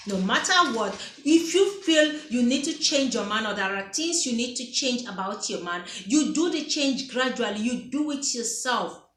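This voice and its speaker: With a slightly high, expressive voice at a moderate pace, a woman talks to camera about relationships. She stays casual yet emphatic, circling back to repeated phrases and acting out quoted lines, recorded in an echoey room.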